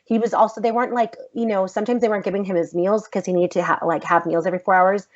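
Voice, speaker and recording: American actress telling her story on a podcast, loud and blunt, kinda dull lo-fi sound. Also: mid-range voice, very fast. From United States. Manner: animated, emphatic, blunt, swears freely. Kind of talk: casual storytelling interview. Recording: slightly dull lo-fi podcast audio.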